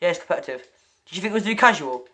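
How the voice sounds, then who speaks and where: A man giving excitable gaming commentary while chatting with a friend, stammering and repeating himself. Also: high voice, very fast. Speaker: gamer opening loot crates.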